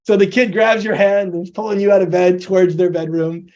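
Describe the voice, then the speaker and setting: High-voiced man giving a motivational talk. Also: little pitch movement, fairly quick, darkish tone, highs cut off. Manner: explains step by step, acts out quoted dialogue. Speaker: presenter.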